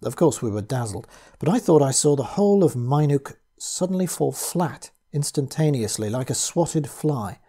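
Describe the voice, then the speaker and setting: A man giving a measured, grave first-person reading of a horror story. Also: mid-range voice, expressive, warm tone, breathy edge. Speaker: audiobook reader.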